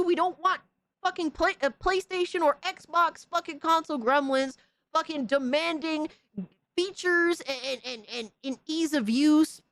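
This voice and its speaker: A woman's voice: sits high, a little slow, fairly bright tone. A woman hosting a podcast, giving a profane, mocking, repetitive gaming rant in casual talk. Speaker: podcast host.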